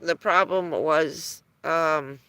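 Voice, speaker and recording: A woman talks slowly on a live stream, her voice gravelly with fry and a bright edge. She rambles through stories in casual chat, chuckling between phrases. The sound is dry and close. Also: sits low, no echo.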